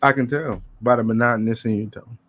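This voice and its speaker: A man's voice: mid-range voice, fairly even intonation, brisk, a bit bright. A man in a casual group chat, ribbing a friend in a playful, slangy way.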